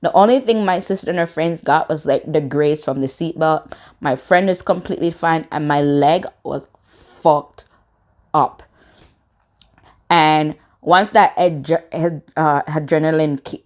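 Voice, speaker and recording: Brief: woman in her twenties, lower-pitched, casual storytime vlogger, curses often, acts out quotes. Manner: swearing, animated reenacted quotes.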